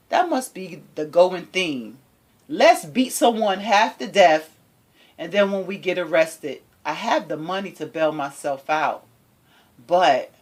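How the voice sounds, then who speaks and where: Sassy, emphatic woman commentator. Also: fairly high pitch. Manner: sassy, emphatic, rhetorical questions to viewers. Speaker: commentary channel host. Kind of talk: opinionated commentary.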